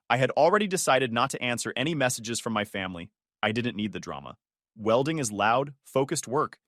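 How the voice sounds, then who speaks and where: A man narrating a first-person story in a calm, measured, matter-of-fact way. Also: mid-range voice, no room sound, studio quality.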